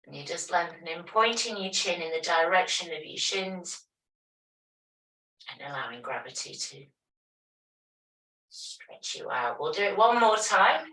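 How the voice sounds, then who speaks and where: A woman teaching a yoga class, giving calm, step-by-step movement and breathing cues. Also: on the low side, unhurried, pauses often. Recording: echoey room, voice from a distance.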